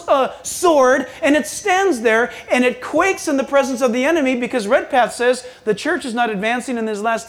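Preacher man swinging from loud to hushed. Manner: swings between loud bursts and hushed low asides. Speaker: pastor. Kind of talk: sermon.

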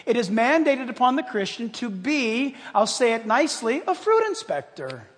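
A man's voice: extremely high pitch, normal speed, long reverb tail. A male pastor preaching a sermon, talking straight to his congregation with humorous asides. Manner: animated, addresses congregation directly, humorous asides.

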